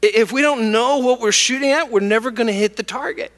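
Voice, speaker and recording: A man's voice: extremely high pitch, a little fast, a bit bright. A man, a lead pastor, preaching a conversational sermon that builds to emphatic, repeated points. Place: church sanctuary. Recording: hall reverb.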